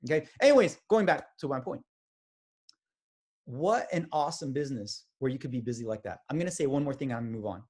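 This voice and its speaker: A man giving a motivational sales training talk, energetic and acting out quoted conversations. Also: mid-range voice, fast talker, breathy edge. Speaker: business trainer.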